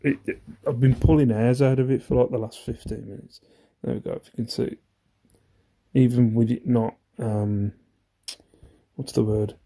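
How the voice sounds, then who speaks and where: A man's voice: medium pitch, fairly even intonation, moderate pace, gravelly, warm tone. Bloke rambling through his haul, chatty, ums everywhere, laughs at himself. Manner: chatty, rambling, self-deprecating, many ums. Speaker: eBay reseller. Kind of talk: casual haul vlog.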